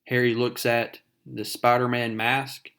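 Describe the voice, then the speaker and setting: A man's voice: mid-range voice, little pitch movement, measured pace, vocal fry, fairly bright tone. A man casually recapping a comic book, speaking with fillers and calling his viewers folks.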